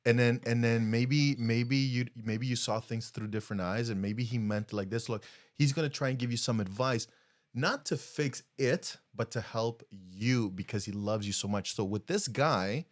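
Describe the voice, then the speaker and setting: Chatting casually on a podcast he co-hosts, a man speaks at normal speed in a mid-range voice. He tells a story vividly, acting out the quotes.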